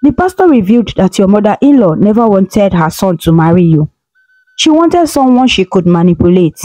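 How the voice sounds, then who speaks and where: A woman voicing a loving mother who speaks in a gentle, reassuring way. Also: mid-range voice, big pitch swings, moderate pace, close to an everyday voice, low-quality recording. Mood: comforting.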